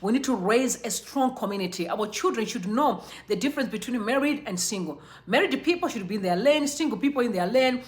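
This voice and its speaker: A young woman from Zimbabwe hosting a casual live stream, chatting bubbly with viewers and giving shout-outs by name. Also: fairly high pitch, animated, brisk, hardly any pauses. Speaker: livestream host. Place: Johannesburg.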